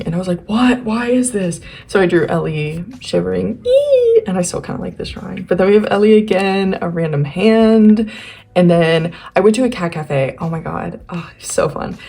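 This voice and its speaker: This young adult artist speaks at a moderate pace in a fairly low, darkish voice that's gravelly and slightly rough. Going through her old sketchbooks, she gushes in rambling, giddy casual commentary, sounding a little worn.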